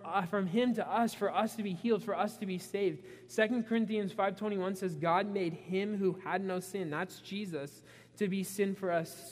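A man preaching a sermon, retelling a story with animated asides and voicing the characters' frustration. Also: sits high. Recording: long reverb in a hall.

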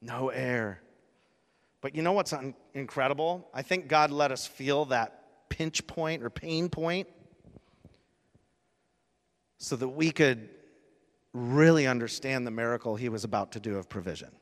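A man preaches from the pulpit in a voice of middling pitch, telling a heartfelt story that builds to emphatic peaks. The sound carries a long reverb from a large church hall. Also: normal speed. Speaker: pastor. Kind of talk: sermon.

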